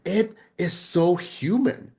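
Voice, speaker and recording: A man co-hosting a podcast, chatting casually and excitably about a film, rambling with frequent restarts and casual swearing. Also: high-pitched, slow, gravelly. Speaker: podcast co-host. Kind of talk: casual film review chat.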